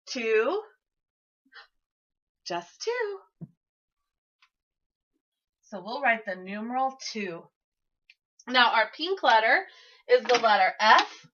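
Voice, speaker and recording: A woman's voice: a little high, pushed and bright. A woman teacher giving an early-grade classroom lesson in an encouraging, sing-song way, talking to young children, in a classroom on a dull lo-fi recording.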